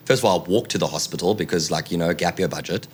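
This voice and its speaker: A man in his thirties, a podcast guest telling a long, animated story, rambling with lots of "like" and acted-out quotes. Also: deep voice, fast, slight background noise. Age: 30s.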